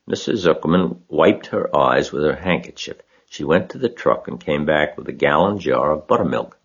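A man with a husky voice reading a children's story aloud as narrator. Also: a bass voice, animated, moderate pace, hardly any pauses, a bit bright, muffled recording.

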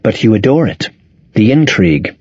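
A man's voice: lowish voice, very animated, normal speed, darkish tone, husky, no room sound, dull audio. A man voicing an elegant, astute married woman in an audiobook, with earnest, probing questions.

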